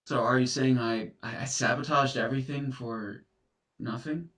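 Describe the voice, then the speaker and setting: A man's voice: medium pitch, steady tone, normal speed, fairly bright tone, close to an everyday voice. A man acting as a guilt-ridden serial dumper confronted by an ex's ghost, stammering through flustered apologies in a comedy sketch. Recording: echoey room, distant mic.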